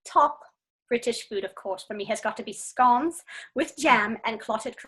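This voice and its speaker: A woman's voice: on the high side, measured pace, a bit bright. A woman co-hosting a video-call chat, teasing her friend in a mock-genteel way. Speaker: co-host.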